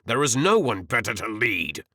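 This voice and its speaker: A man's voice: medium pitch, very animated, normal speed, sharp tone, dry recording, studio quality. A man voicing a cold, threatening, power-hungry lord in an audiobook. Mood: menacing. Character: scheming older lord, menacing and power-hungry.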